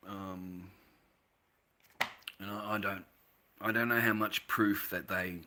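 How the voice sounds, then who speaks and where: An Australian man with a very bright, sharp-edged voice, streaming live to his viewers. He rambles and swears constantly, one moment ranting at full tilt and the next trailing off low and weary. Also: fairly even intonation, slow pace, a little hiss or hum. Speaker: livestream host. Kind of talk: casual livestream talk to viewers.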